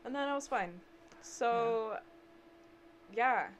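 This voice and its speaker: Animated young woman telling stories. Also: on the high side, slow pace, noisy background. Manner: animated storyteller, laughs often. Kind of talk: casual chat.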